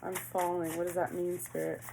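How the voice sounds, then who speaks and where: A woman's voice: on the low side, level tone, normal speed, gravelly, very noisy. A woman giving a casual tarot reading, chatty and laughing often, asking questions aloud as she goes. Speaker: tarot reader.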